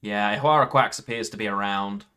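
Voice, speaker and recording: A man's voice: on the low side, a little fast, pushed and bright, clean tone. A man commentating his own card game play, thinking aloud and counting points under his breath. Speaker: gaming YouTuber.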